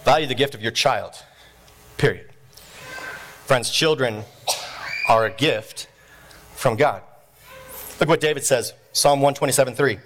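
A man preaching a sermon in an animated, jokey way, laughing often between points. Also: mid-range voice, unhurried, long pauses, a little hiss or hum. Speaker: pastor.

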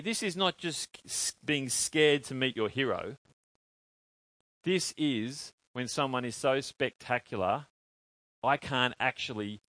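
Animated preacher with a dry, close sound. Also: male voice, mid-range voice, no echo. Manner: animated, asks the congregation questions. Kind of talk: sermon.

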